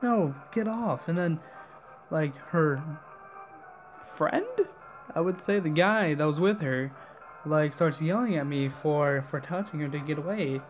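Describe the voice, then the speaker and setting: A young man telling a rambling, animated story while playing a game, full of fillers and asides. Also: on the high side, a little slow, long pauses, soft background music. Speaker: gaming channel host.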